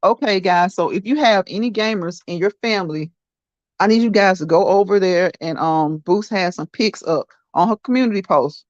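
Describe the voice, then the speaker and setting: A woman's voice: mid-range voice, normal speed, no echo. A woman hosting a casual livestream, chatting to her viewers, laughing often and repeating herself. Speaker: livestream host. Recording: dull, dry lo-fi sound.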